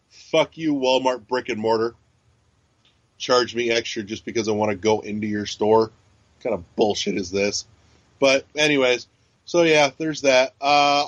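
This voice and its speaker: A man's voice: medium pitch, moderate pace, dry recording. A man co-hosting a podcast in casual chat, rambling and swearing, with lots of fillers and restarts. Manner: chatty, profane, frequent fillers and restarts. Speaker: podcast co-host. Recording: dull, lo-fi sound.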